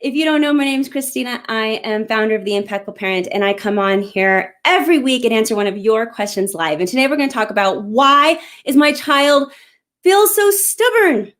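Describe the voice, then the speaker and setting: A woman's voice: fairly high pitch, fast talker, hardly any pauses. A middle-aged woman hosting a live parenting question-and-answer talk, speaking earnestly and encouragingly straight to parents. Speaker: parenting coach and show host.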